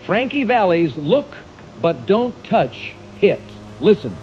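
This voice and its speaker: A man hosting a quiz show, briskly reading clues and calling on contestants. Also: high voice, highs cut off. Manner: brisk, lively and animated. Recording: archival TV audio with faint hiss.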